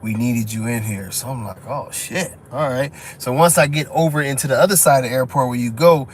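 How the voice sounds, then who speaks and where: A man, telling a story in casual live-stream chat, profane and quick to laugh. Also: mid-range voice. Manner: loose, profane, laughs often, lots of "you know what I'm saying". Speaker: dog show judge and breeder telling stories.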